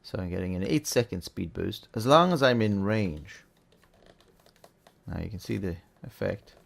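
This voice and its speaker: Gravelly man explaining a game. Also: on the low side, moderate pace. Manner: relaxed, chatty, thinking aloud with fillers. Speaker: game tutorial host. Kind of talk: casual gameplay tutorial.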